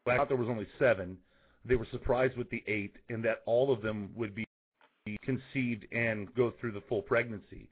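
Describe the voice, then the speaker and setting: A man's voice: on the low side, husky. A man calling in to a radio show, hesitant and stammering as he makes his case. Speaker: radio caller. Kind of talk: call-in conversation. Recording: tinny phone line.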